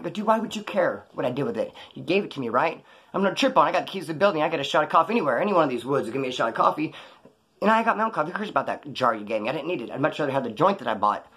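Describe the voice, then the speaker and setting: Fast-talking husky man telling stories. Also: on the high side, very animated, a bit bright. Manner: slangy and profane, acts out quoted dialogue. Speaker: former inmate telling his story. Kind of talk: casual storytelling.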